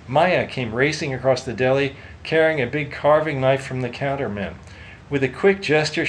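A man reading a story aloud in a steady, measured way. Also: medium pitch, a little hiss or hum, poor audio. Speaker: narrator. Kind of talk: audiobook narration.

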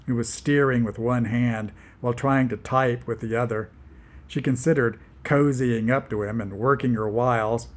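A man narrating a story in a wry voice, dropping low and slow for quiet moments. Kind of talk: storybook reading.

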